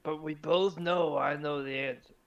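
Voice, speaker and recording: A man with a gravelly, creaky voice recorded dry and close. He talks through his character's moves in a laid-back, deadpan manner. Pauses and "um"s break up his lines. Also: on the high side, no echo, lo-fi sound. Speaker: tabletop game player. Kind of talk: casual in-character description.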